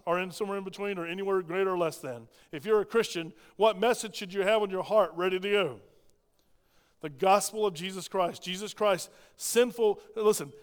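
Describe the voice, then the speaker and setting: A middle-aged man preaching a sermon in a church, lively and conversational, swinging from soft asides to loud emphatic bursts. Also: high voice. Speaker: pastor. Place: church sanctuary. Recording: long hall reverb.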